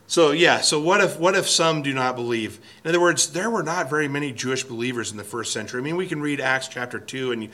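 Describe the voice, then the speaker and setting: A man's voice: medium pitch, quick pace, hardly any pauses, pushed and bright. A man preaching an expository sermon from a church pulpit, earnest and emphatic, often restarting and repeating words. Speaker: pastor.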